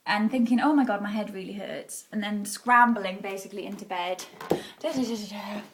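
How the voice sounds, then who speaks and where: A young British woman telling a story in a casual home vlog, chatty and animated, acting out what she said. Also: mid-range voice, a little fast. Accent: British English. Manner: chatty, animated, acts out her own past words. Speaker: vlogger. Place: home, indoors.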